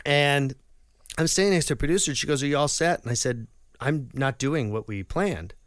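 Clear-voiced man telling a lively story. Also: fairly high pitch, fairly quick, no echo, studio quality. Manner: animated storyteller who acts out quoted voices. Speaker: comedian and impressionist. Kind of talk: casual interview storytelling.

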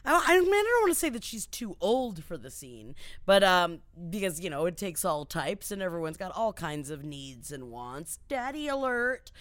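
A woman co-hosting a casual pop-culture chat, animated and joking, talking in quick bursts. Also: lowish voice, no room sound. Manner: animated, quick bursts, self-mocking jokes. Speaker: podcast co-host.

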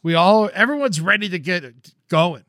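A man's voice: sits high, animated, normal speed, a bit bright, no room sound, studio quality. A man co-hosting a comedy chat show, joking and rambling, swearing freely. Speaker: co-host.

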